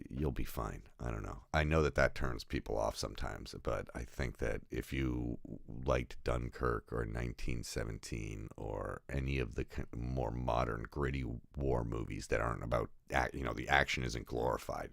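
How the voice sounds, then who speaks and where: A man's voice: rumbling low, normal speed, creaky, hardly any pauses, no echo, clean studio sound. A man giving a casual, rambling film review, often restarting his sentences, laughing at his own jokes and swearing.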